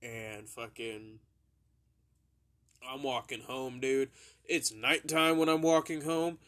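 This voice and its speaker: A young man spins a loose, swearing-heavy anecdote for his podcast. His pitch sits in an ordinary middle range, and he wanders through side remarks and chuckles as he goes. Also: steady tone, slow pace, fairly bright tone. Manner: rambling, profane, laughs through his own story. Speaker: podcast host. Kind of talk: casual storytelling.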